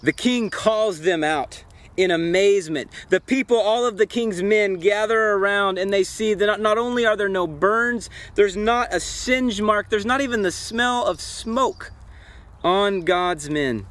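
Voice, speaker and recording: A man with a high voice leads a devotional Bible study outdoors by a campfire. He talks in an earnest, reflective way. He often stops to put pointed questions to the people listening. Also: unhurried, a bit bright. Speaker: Bible teacher.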